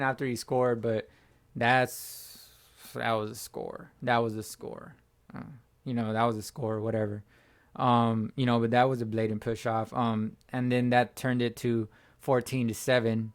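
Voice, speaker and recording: A man hosting his own fan channel, hoarse from screaming, giving a slangy sports reaction chat as if talking to a buddy. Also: mid-range voice, level tone, a little slow. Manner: slangy, talks like chatting with a buddy. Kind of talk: casual sports reaction talk.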